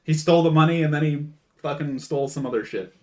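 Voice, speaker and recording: A man's voice: fairly high pitch, quick pace, darkish tone. A young man co-hosting a casual podcast, chiming in with jokes and laughs while discussing a film. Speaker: podcast co-host. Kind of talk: casual movie chat.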